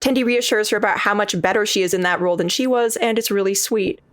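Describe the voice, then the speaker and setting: A woman reviewer reads a scripted episode recap in a conversational, lightly wry way. Her pitch is middle for a woman. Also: fast talker, over loud music. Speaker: video reviewer.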